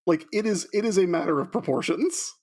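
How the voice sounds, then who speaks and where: A man's voice: sits high, fairly quick, darkish tone, slightly rough. A man with a Southern US accent co-hosting a podcast in casual chat, teasing and giggly. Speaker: podcast co-host.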